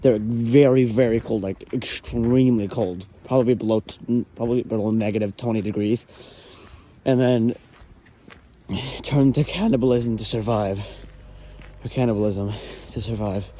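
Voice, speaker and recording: A frightened man vlogging on location, talking in a hushed, jittery voice and often half-whispering. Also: medium pitch, steady tone, normal speed. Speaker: paranormal vlogger. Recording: loud outdoor background noise. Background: loud noise and outdoor ambience.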